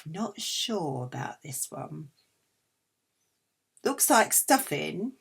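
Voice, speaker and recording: A woman's voice: low-pitched, big pitch swings, extremely slow, vocal fry, husky. A middle-aged woman chatting casually through a food haul, cheeky and self-mocking. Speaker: vlogger.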